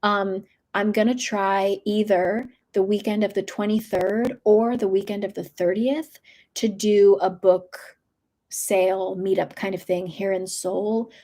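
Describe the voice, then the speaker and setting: A woman's voice: mid-range voice, little pitch movement, measured pace, mellow. A young woman hosting a book channel livestream from her room, chatting casually and meandering with lots of fillers.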